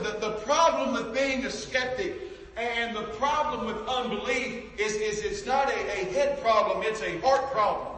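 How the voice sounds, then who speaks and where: Fervent high-voiced preacher in a hall. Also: male voice, a little hiss or hum. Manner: passionate, repeats words, swings from loud to hushed. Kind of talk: sermon. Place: church sanctuary. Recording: echoey hall from far off.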